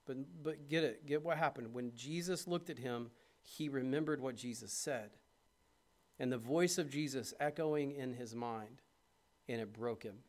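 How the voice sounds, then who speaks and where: This preacher speaks unhurriedly with a medium pitch, addressing his congregation with direct questions. He shifts between calm, reflective passages and fervent, loud appeals.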